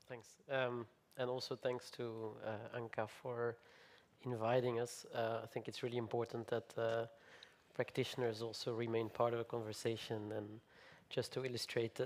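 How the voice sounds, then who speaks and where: A man speaking as a panelist at a conference, measured with frequent fillers and restarts. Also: medium pitch, flat delivery.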